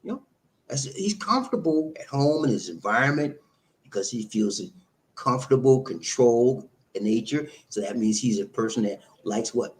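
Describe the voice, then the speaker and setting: A man's voice: mid-range voice, moderate pace. Chatty middle-aged man giving relationship advice. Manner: animated, loose, conversational, laughs often, repeats himself. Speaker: host answering viewer comments. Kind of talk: live-stream relationship advice talk.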